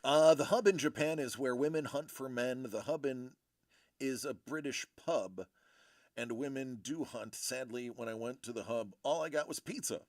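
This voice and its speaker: A man's voice: medium pitch, normal speed, no echo, studio quality. A man hosting a card-breaking livestream, rambling and joking with his audience in casual banter. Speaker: livestream host breaking trading cards. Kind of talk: casual chat with a live audience.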